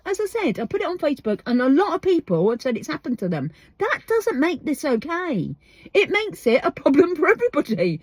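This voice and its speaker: A woman's voice: sits high, big pitch swings, moderate pace, darkish tone, no echo. A woman hosting a podcast, ranting about a parking ticket, swearing freely and firing off rhetorical questions, recorded inside a parked van. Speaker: podcast host. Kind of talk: casual ranting monologue.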